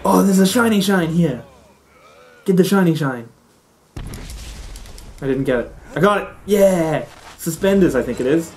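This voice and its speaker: A young man narrating a game, his voice sitting a bit high and swinging wildly between murmurs and squeals. He swears often and reacts loudly to everything on screen, with faint game music playing behind him. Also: lively intonation, measured pace, pauses often. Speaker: gaming let's-play host. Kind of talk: excited let's-play commentary.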